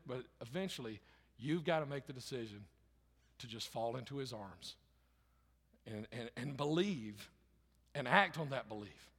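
A pastor preaching a sermon in a conversational way, rising loud for emphasis and dropping quiet and low, repeating phrases. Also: male voice, lively intonation, moderate pace, pauses often, husky. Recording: long hall reverb.

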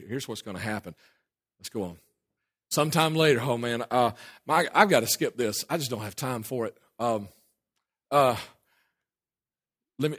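A man preaching a sermon, emphatic and hurried, swinging between loud declarations and low asides. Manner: hurried, with restarts and asides to a helper. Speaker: pastor.

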